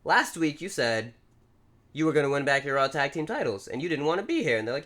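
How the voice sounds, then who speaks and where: A man's voice: a little high, fast talker. A man co-hosting a podcast, casually retelling events and acting out quotes as he goes. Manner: animated storytelling, acting out quotes. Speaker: podcast co-host. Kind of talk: casual recap chat.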